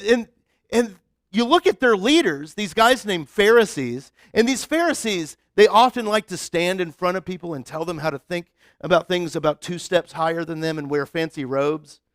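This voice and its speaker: A man's voice: sits high, lively intonation, a little slow, a bit bright, no echo, clean studio sound. A male pastor giving a casual, conversational sermon, chatty and full of restarts.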